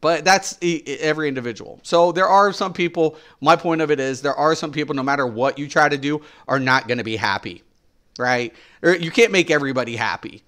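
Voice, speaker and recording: Middle-aged man, game streamer, exasperated rant, emphatic repeats, swearing, slightly high voice. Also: a little fast, fairly bright tone. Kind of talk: ranting stream commentary.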